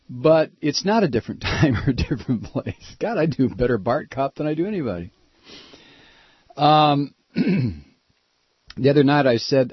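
Husky male talk-radio host, lively and sarcastic, dry dull studio sound. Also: mid-range voice, normal speed, no room sound. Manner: animated, sarcastic, mimics politicians. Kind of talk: political talk radio monologue.

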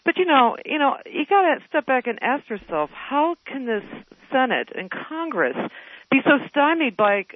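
A woman calling a radio show, speaking in a lively, indignant way. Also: high-pitched, moderate pace, phone-quality sound, slight background noise. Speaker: caller. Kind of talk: casual phone call to radio show.

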